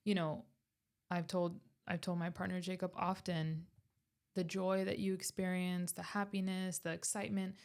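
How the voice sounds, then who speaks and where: A young woman with a low, gravelly voice speaks in a fairly flat, even tone. She talks candidly and questions herself out loud. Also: normal speed. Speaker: podcast co-host, daughter. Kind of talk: casual conversation.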